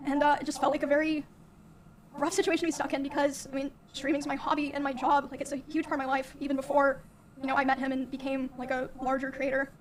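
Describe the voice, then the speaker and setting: A young woman streamer recounting a personal story in a soft, halting way, with many fillers. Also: high voice, little pitch movement, a little hiss or hum.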